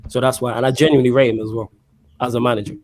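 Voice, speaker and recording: A young man hosts a relaxed football talk. He argues his point with quick rhetorical questions at a brisk pace. His voice sits in a middle register. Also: mid-range voice, a little hiss or hum. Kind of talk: casual football banter.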